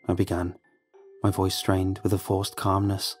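A man reading a horror story aloud as a scripted narration, with measured, tense storytelling. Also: low-pitched, monotone, faint music behind.

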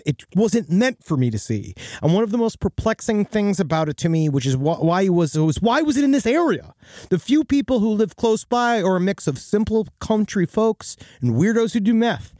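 Podcast host, man, reads a listener story with wry asides, fairly high voice, dry close sound. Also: darkish tone, dry recording. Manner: wry, conversational, with crude asides. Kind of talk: reading a listener story aloud, casual chat.

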